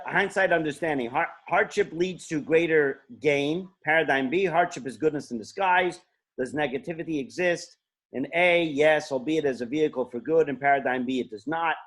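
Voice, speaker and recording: A man's voice: a little high, a bit bright. A man giving an informal lecture in a casual, rambling way, often interrupting himself. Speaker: teacher.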